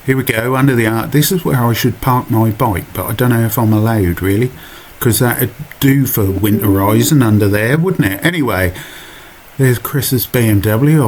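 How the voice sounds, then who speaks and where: A man's voice: mid-range voice, a little hiss or hum. A man with a Suffolk accent narrating his own cycling video in a chatty, self-mocking voiceover full of asides. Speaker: vlogger.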